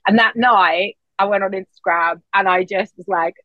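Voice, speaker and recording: Animated woman telling stories. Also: moderate pace, no room sound. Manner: animated storyteller, acts out quotes in a high voice. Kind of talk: casual podcast chat. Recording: dull, dry lo-fi sound.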